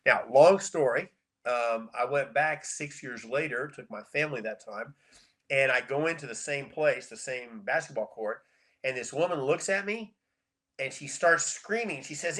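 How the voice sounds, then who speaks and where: A middle-aged man, a chiropractor guest on a podcast, telling stories in a casual, animated way and repeating words for emphasis. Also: medium pitch, unhurried. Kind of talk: casual storytelling interview.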